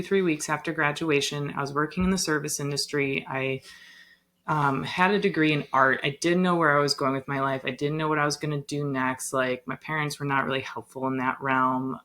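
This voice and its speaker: A young woman, a yoga teacher, telling a personal story in a casual podcast chat, animated and full of "like" and "um". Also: deep voice. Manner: animated, lots of "like" and "um".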